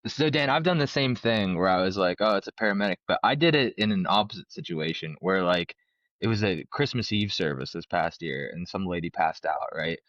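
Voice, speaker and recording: A man who hosts a podcast and works as a paramedic, chatting in a relaxed way and often asking "right?". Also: low-pitched, moderate pace, dry recording, dull audio. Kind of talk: casual chat.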